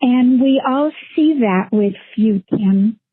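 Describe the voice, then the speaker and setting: Woman caller, heartfelt chatty voicemail, tinny phone line, husky voice, slow talk. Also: fairly high pitch, no room sound.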